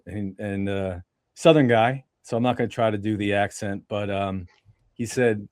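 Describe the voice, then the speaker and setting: A man's voice: fairly low pitch, steady tone, brisk, darkish tone, no room sound, clean studio sound. A man hosting a podcast interview. He talks conversationally, often with "you know" fillers as he asks questions. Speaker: podcast host.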